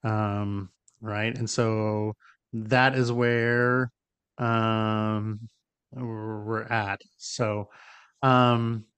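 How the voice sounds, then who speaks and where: A man's voice: on the low side, level tone, drawn-out words, fairly bright tone, clear, resonant tone, no room sound. A man co-hosting a podcast, explaining ideas in casual conversation and often checking in with "right?". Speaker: podcast co-host.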